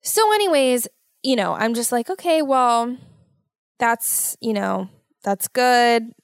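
A woman hosting a casual solo podcast, talking in an animated, worried, motherly way and exaggerating her fears. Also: a little high, slow, clean tone, no room sound, studio quality. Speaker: podcast host.

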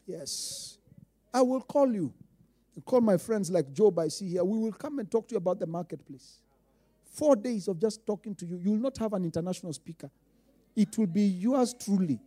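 Man, Kenyan accent, pastor, sermon, high voice, warm and mellow tone, emphatic, repeats himself. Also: lively intonation, normal speed. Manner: emphatic, swinging between quiet asides and loud declarations.

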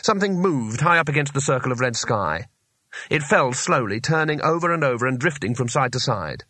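A man narrating a comic fantasy audiobook in a measured, expressive storytelling manner. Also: medium pitch, no echo. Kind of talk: scripted narration.

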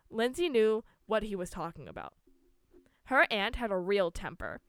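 Lady reading a creepy story out loud, stumbles a bit, dry close sound. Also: medium pitch, very animated, moderate pace, smooth, no room sound. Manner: reads with small slips and restarts. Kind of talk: reading a spooky story aloud.

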